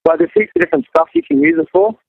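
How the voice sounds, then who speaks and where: A man, a beatboxer answering interview questions in a loose, halting way and calling the interviewer "man". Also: extremely high pitch, sing-song, vocal fry, narrow, tinny audio. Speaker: beatboxer guest.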